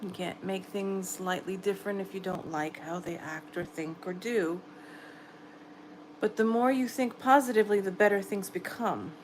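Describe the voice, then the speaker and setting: Late at night in a quiet room at home, a middle-aged New Yorker with an American New York accent runs a livestream, casually and encouragingly chatting with viewers as she reads their comments. Her medium-pitched voice moves at a moderate pace over poor audio with a little hiss or hum.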